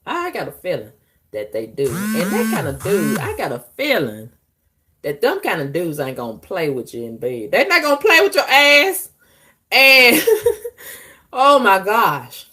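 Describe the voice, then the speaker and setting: A woman's voice: medium pitch, big pitch swings, a little slow, bright, forceful tone. A woman vlogger, bluntly and profanely telling her dating stories, laughing often. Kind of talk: candid storytelling monologue.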